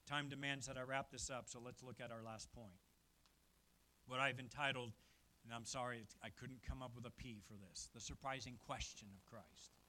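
A male pastor preaching a sermon at a church service, emphatic and swinging from quiet passages to loud ones. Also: mid-range voice, steady tone, moderate pace.

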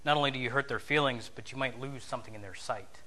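A man's voice: mid-range voice, fast, pushed and bright. A man giving a conversational sermon lesson, telling a story, acting out bits of dialogue and asking his listeners questions.

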